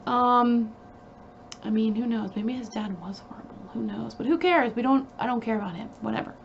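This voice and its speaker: Woman, young adult, true crime host, casual and emphatic, fillers, slightly high pitch, faint noise. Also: normal speed, creaky, highs cut off. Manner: chatty and emphatic, lots of fillers and asides.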